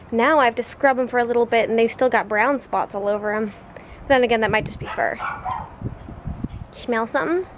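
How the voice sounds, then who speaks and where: A young woman rambles cheerfully to her camera, her voice pitched high and bright. She restarts sentences and laughs often. A faint hum of background noise sits under her. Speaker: vlogger. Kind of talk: casual vlog chat.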